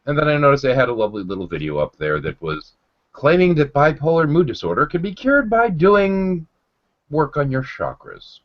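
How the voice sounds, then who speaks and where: A man's voice: on the high side, very animated, normal speed. A man hosting a casual livestream chat, rambling and sardonic, with lots of ums and restarts. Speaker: livestream host. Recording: dull lo-fi stream audio.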